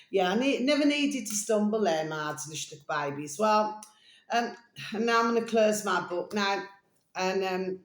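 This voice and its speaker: A woman vlogging in a rambling, casual monologue, full of fillers and slow dictation. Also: medium pitch. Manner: meandering, full of fillers, dictating text slowly; coos baby talk to her pet. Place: home room. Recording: echoey room.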